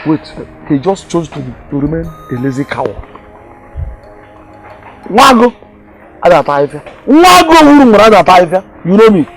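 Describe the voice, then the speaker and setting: A man's voice: sits high, very animated, moderate pace, long pauses, music in the background. An actor playing an exasperated father complaining about his lazy son, with a Nigerian accent. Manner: complaining, mocking.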